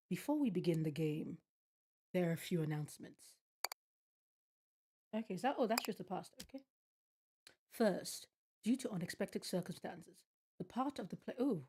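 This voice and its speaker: A woman's voice: on the low side, expressive, normal speed, long pauses, a little mellow, slightly rough. Bemused swearing woman streaming a game. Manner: bemused, swears often, reads and reacts. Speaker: gaming streamer. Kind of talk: casual game commentary, reading on-screen text aloud. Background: game music.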